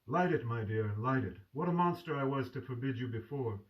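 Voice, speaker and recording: A man's voice: mid-range voice, expressive, brisk, lo-fi sound, close to an everyday voice. A man reading aloud and voicing a tender, fervent young man who is dying, speaking in a pleading way. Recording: distant mic.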